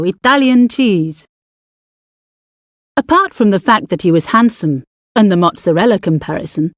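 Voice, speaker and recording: A woman reads an audiobook story with measured, expressive storytelling. Her pitch rises and falls in a lively way, and the sound is dry and close. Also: dry recording. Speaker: audiobook narrator. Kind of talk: scripted audiobook narration.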